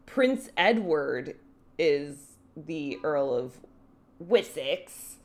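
A woman's voice: on the low side, lively intonation, takes it slowly. A woman co-hosting a podcast, recapping a TV episode in casual chat with a dry, wry manner. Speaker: podcast co-host.

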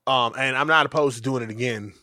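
A young man co-hosts a casual podcast, swearing freely and acting out every voice in his story. His pitch is mid-range and his delivery is animated. The sound is dry and close to the mic. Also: quick pace, dry recording. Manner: animated, profane, acts out dialogue. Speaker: podcast co-host.

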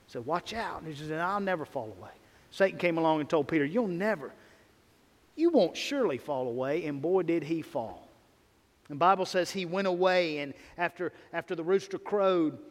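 High-voiced preacher man. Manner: emphatic preaching, rising and falling in volume. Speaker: pastor. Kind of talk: sermon. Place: church sanctuary. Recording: long reverb of a church sanctuary.

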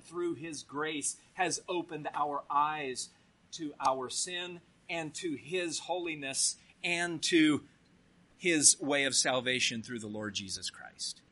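A man's voice: fairly high pitch, sharp tone. A man preaching a sermon as a pastor, reading scripture aloud and stressing its key words.

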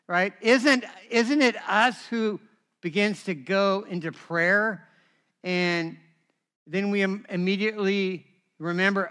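A middle-aged man preaching a sermon as a pastor, telling stories in an animated way with touches of humor. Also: sits high, measured pace.

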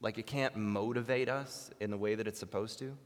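A man's voice: on the low side, steady tone, fairly quick. Earnest male preacher in a reverberant hall. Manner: earnest, building to emphatic bursts. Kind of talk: sermon.

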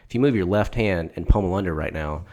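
A man's voice: deep voice, quick pace, darkish tone. A man co-hosting a podcast who chats casually, agrees often and laughs easily. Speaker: podcast co-host.

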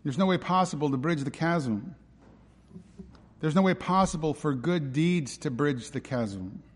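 A man's voice: on the high side, expressive, measured pace, breathy edge, big-room sound. A man preaching a sermon as pastor, emphatic and driving, often posing rhetorical questions.

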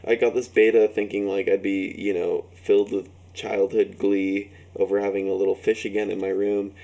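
A man's voice: lowish voice, little pitch movement, normal speed, gravelly, warm tone. A man telling rambling, profane anecdotes in casual group banter, acting out what people said. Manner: rambling anecdotes, swears freely, acts out quotes. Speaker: storyteller in group chat.

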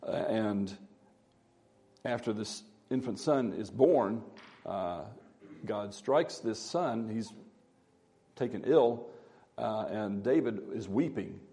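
Man, low voice, mellow tone, halting Bible teaching, reads verses with emphasis. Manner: halting, many fillers, reads scripture aloud with rising emphasis.

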